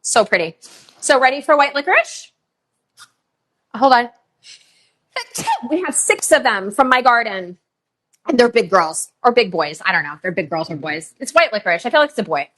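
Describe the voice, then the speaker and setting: Woman, live-stream sales host, chatty with many fillers, voice a touch high. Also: sing-song, moderate pace, pauses often, a bit bright. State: tearful. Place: rose farm, humid.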